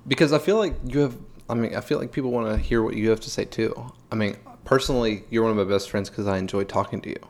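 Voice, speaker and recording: Teasing young man hosting a casual podcast. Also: fairly low pitch. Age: 20s. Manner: joking, teasing, quick to interrupt. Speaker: podcast host. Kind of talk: casual chat.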